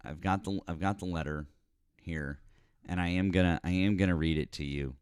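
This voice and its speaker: A man's voice: low-pitched, a little fast, a little mellow, smooth, no echo, clean studio sound. A middle-aged man hosting a live-stream call-in show, rambling and often apologizing with a self-deprecating manner. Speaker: host.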